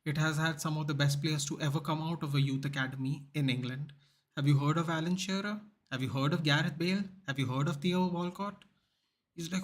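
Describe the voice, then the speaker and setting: A man chats through a live football watchalong, his voice sitting slightly higher than most men's. He rambles along with loose, opinionated talk and keeps calling people "dude". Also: a little fast. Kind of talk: casual livestream chat.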